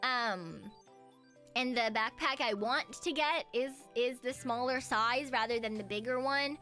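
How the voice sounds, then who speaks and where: A woman's voice: fairly high pitch, a little slow, pushed and bright, faint music behind. A young woman streaming as a VTuber, chatting casually with her viewers, swearing freely and grumbling in a mock-dramatic way.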